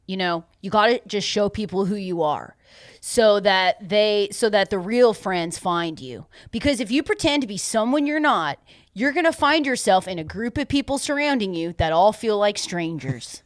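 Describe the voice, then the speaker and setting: A woman's voice: mid-range voice, expressive, normal speed, dry recording, clean studio sound, lightly acted. A woman playing a brash, blunt twelve-year-old boy who rambles through cheeky stories on an improvised comedy podcast. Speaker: podcast host in character.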